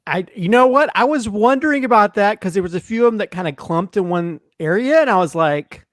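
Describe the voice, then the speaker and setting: A joking man chats as a guest on a movie review show, often circling back and restarting his sentences. His voice is a touch high for a man, recorded dry and close with no room sound. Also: brisk, fairly bright tone, no echo. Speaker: filmmaker guest. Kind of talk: casual review chat.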